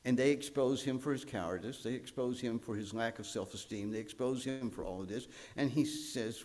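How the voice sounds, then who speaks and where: Sex: man. Role: pastor. Style: sermon. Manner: animated storytelling, mid-pitched voice that rises and drops. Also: fairly quick, hardly any pauses.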